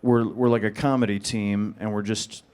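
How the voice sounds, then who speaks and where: A man with a flat, monotone, deadpan delivery, answering audience questions on a panel. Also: lowish voice, moderate pace.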